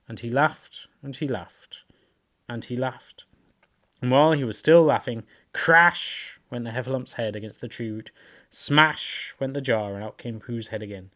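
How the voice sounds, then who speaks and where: A man reading a children's storybook aloud, with expressive, lively storytelling. His voice sits at an ordinary middle pitch for a man. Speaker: reader, show host.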